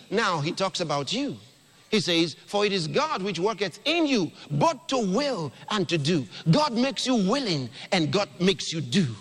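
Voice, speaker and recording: Exclamatory male preacher, high and very lively in pitch, recorded in an echoing hall. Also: a little slow, husky. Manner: exclamatory, calls on the congregation to repeat scripture. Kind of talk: sermon.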